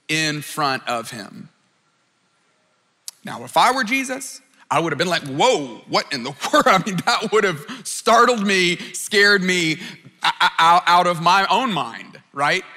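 A man preaching a sermon, earnest and direct, who stumbles and repeats his words when he restarts a thought. His voice sits high and sounds bright and forceful. It carries a long reverb from a large hall. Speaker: pastor.

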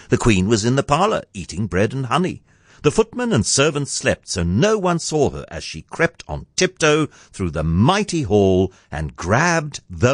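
A man's voice: lowish voice, dry recording, clean studio sound. A man reading a comic storybook poem aloud, playful and sardonic. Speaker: narrator.

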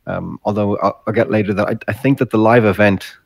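Low-voiced Irish man explaining his product. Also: fairly even intonation, a little fast, creaky, dry recording. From Ireland. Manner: explains with restarts and light laughs. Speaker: guest, tech founder. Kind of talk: conversational interview.

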